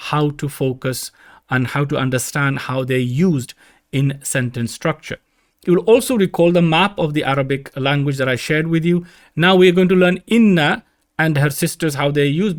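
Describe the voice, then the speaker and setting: A man teaching Arabic grammar in a recorded lecture, patiently repeating the key points for emphasis. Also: on the high side.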